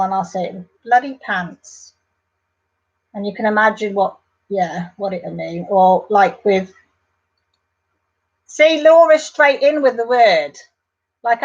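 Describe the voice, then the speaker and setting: A woman's voice: medium pitch, breathy edge, muffled recording. An English woman hosting a casual live stream, chatting and reading out viewer comments in a rambling, affectionate way.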